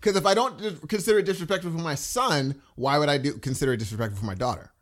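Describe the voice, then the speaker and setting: A man's voice: a little high, very fast. A middle-aged man co-hosting a podcast, chatting casually and acting out what people would say. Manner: animated, acts out quoted voices. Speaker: podcast co-host. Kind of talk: casual chat.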